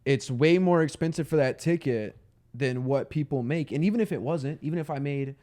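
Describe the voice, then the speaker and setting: A man's voice: fairly high pitch, fairly quick, warm tone. A young man co-hosting a podcast, rambling in casual chat with many fillers. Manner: rambling, filler-heavy, says "like" a lot. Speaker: podcast co-host.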